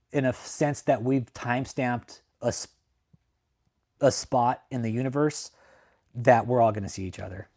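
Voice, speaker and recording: A man's voice: mid-range voice, darkish tone. A young man hosting a casual livestream, rambling and emotional, swearing heavily and ending his sentences with "man". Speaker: channel host. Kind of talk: casual livestream talk to viewers.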